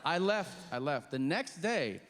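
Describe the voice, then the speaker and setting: A man doing stand-up comedy, telling a story in an animated, exasperated way and acting out outbursts, on a stage before a live audience. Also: a little high, unhurried, long reverb tail, slight background noise. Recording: live stand-up set with loud crowd laughter. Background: audience laughter.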